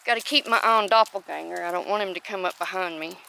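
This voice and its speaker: Outdoors at the chicken and rabbit pens, a homestead vlogger chats casually through her chores, often breaking off to coo at her chickens by name. Her voice is lowish and gravelly, fast with few pauses, over background noise.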